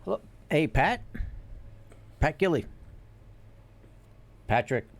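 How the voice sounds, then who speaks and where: A man's voice: fairly high pitch, big pitch swings, takes it slowly, vocal fry. A man hosting a podcast, asking questions and introducing a caller in casual chat. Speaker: podcast host.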